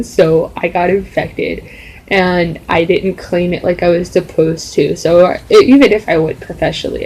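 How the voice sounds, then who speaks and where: A woman's voice: fairly low pitch, a little mellow, rough recording. A young adult woman telling a story in a casual, rambling vlog style, full of fillers. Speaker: vlogger.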